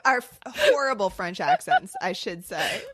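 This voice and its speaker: A woman's voice: medium pitch, wildly swooping pitch, unhurried, background noise. A young adult woman co-hosting a podcast in casual chat, reading out listener stories with rambling, swearing asides. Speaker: podcast co-host.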